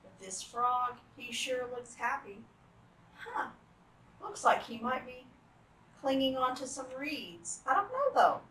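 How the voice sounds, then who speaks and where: A woman reading picture books aloud to children, animated and full of gasps and exclamations. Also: sits high, slow pace, roomy sound, distant mic, a little hiss or hum, poor audio. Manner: animated, gasping, exclaiming to young listeners. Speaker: children's storytime reader.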